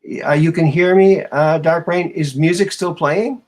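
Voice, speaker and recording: A man hosting a casual live-stream chat show, quick to exclaim and ramble when something surprises him. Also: fairly high pitch, a little mellow. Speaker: host.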